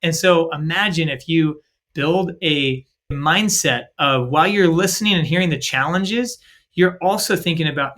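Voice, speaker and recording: A man co-hosting a faith-based podcast speaks casually at normal speed, upbeat and energetic. His slightly high voice rings bright and forceful, and he leans heavily on fillers like "like" and "right?" while acting out little dialogues.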